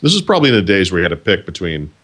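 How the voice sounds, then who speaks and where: A man with a very low voice co-hosts a relaxed tech chat, delivering his stories and jokes in a dry, deadpan way. His speech is unhurried and conversational. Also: slightly rough. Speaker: podcast co-host. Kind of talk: casual chat.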